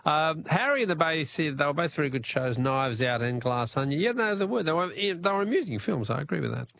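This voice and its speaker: A man's voice: fairly high pitch, animated, a little fast, vocal fry, a bit bright. A man with an Australian accent hosting a radio quiz, chatty and jokey, laughing often. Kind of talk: casual radio talkback.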